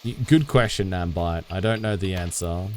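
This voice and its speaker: A man's voice: sits low, moderate pace, slight background noise. A young man livestreaming a game, chatting casually and self-deprecatingly with viewers, often restarting his sentences. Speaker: game streamer.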